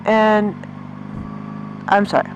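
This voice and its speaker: A woman's voice: medium pitch, fairly even intonation, takes it slowly, lo-fi sound. A woman vlogger chatting indignantly while riding a motorcycle on the road, in a casual rant. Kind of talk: ranting casual monologue. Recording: loud road and engine noise.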